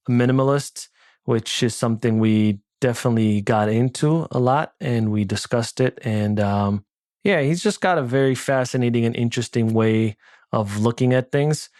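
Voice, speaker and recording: A man's voice: mid-range voice, a little mellow, no echo, studio quality. Chatty man hosting a podcast. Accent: New York. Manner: chatty, rambling with fillers. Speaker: podcast host. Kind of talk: casual podcast interview.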